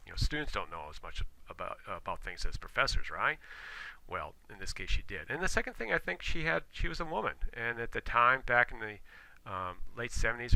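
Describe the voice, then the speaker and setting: A middle-aged man giving a university lecture, halting and full of fillers and restarts. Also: on the low side, sharp tone, dry recording, rough recording. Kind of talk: recorded lecture.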